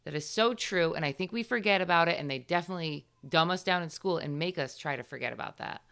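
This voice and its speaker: A woman's voice: fairly low pitch, quick pace, vocal fry, a bit bright, smooth. A woman of about forty from upstate New York, with a New York accent, hosting a podcast interview in a chatty, agreeable way and laughing often. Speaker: podcast host. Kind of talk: casual interview chat.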